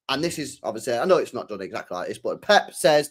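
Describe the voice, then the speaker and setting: A man from England, talking football on a podcast in a casual, animated way that is full of swearing. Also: mid-range voice, quick pace, few pauses, slightly rough. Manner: animated, swears a lot, acts out quoted voices. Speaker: podcast co-host.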